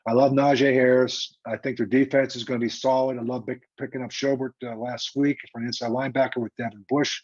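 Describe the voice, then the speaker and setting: Husky older man telling a story. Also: medium pitch, fairly quick, few pauses. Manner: animated, emphatic, conversational. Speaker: guest, retired football coach. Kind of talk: casual storytelling interview. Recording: dull lo-fi remote audio.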